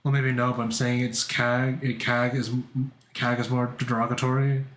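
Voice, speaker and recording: A male streamer chatting with his viewers, rambling and excitable, tripping over filler words and swearing a lot. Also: mid-range voice, normal speed. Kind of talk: casual chat with stream viewers. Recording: echoey room.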